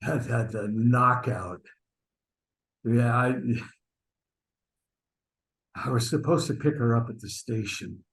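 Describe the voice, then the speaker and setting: A man's voice: medium pitch, takes it slowly, pauses often, a bit bright, low-quality recording. A man acting an online stage scene as a flustered husband hiding an affair, stammering and sheepish as he presses his friend. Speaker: acting student. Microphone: video call.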